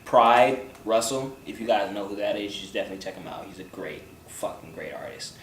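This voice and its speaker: A young man with a lowish voice talks fairly quickly as he answers viewer questions in a casual, joking vlog. He swears a lot and tends to trail off mumbling, and the recording sounds roomy and distant, with faint noise in the background.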